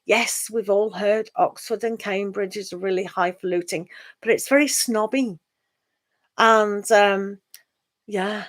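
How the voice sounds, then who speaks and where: A middle-aged woman with a British accent, a tarot reader chatting casually with her live-stream viewers, sighing and laughing as she talks. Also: medium pitch. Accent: British English. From England. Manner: chatty, sighing and laughing, drawn-out slow talk.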